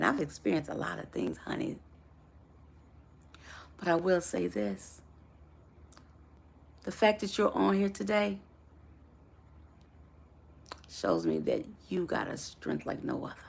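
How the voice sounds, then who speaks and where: A woman's voice: on the low side, gravelly, husky. A woman life coach giving a motivational live talk to her viewers, affectionate and preacher-like in her encouragement.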